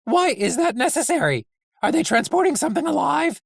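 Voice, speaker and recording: A reader voicing a fussy, high-strung male android official who talks high, loud and hurried. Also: sing-song, gravelly, no echo, studio quality, full character voice. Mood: anxious, brisk.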